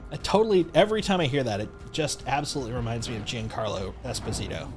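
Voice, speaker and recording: A man's voice: mid-range voice, big pitch swings, fast, music in the background. A man streaming a game live, chatting in a rambling, playful way with lots of jokes and self-restarts. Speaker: livestreamer. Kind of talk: casual gameplay commentary.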